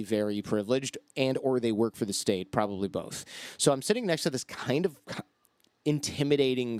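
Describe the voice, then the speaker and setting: A man guesting on a podcast, telling stories in a casual, animated way and acting out the quoted voices. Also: mid-range voice, clear, resonant tone, no room sound, clean studio sound. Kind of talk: casual storytelling.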